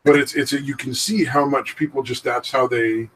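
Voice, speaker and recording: A man's voice: medium pitch, steady tone, normal speed, a bit bright, recorded from a distance, slight background noise, poor audio. A man co-hosting a casual podcast chat, rambling and swearing freely and laughing often. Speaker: podcast co-host.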